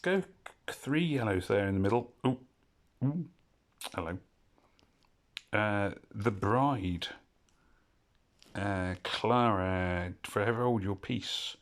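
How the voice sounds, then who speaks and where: A man's voice: on the low side, expressive, slow, long pauses. A man giving casual, rambling commentary as he plays a mobile puzzle game, often drifting off topic and correcting himself. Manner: rambling, digressive and self-correcting.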